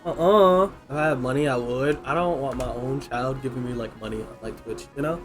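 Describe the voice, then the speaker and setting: A woman streamer giving casual, profane, excitable commentary packed with fillers while she plays. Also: extremely low pitch, brisk, faint music behind.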